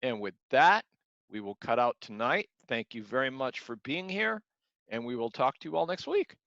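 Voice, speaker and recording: This martial arts instructor speaks with earnest motivation, repeating words while demonstrating examples for his class. He has a mid-range, gravelly voice with a sing-song lilt and a fairly bright tone, moving at normal speed without echo. The audio sounds dull and lo-fi.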